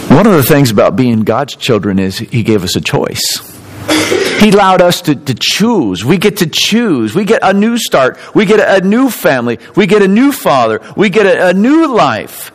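A pastor preaches in a church, his voice a little high for a man, at a moderate pace. His sermon swings animatedly, rising to emphatic peaks and dropping back to quiet, softer reflection. The audio is poor.

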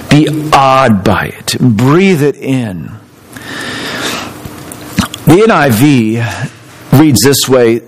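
Preaching in church, this pastor has a voice a bit high for a man and an animated delivery that climbs to emphatic highs before easing back into soft, quiet reflection. The audio quality is poor.

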